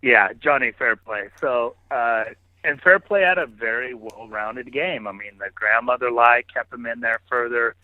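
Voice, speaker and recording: A man, a podcast guest, telling stories in casual, animated interview talk. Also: medium pitch, normal speed, dry recording. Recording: phone-like narrow line, dry.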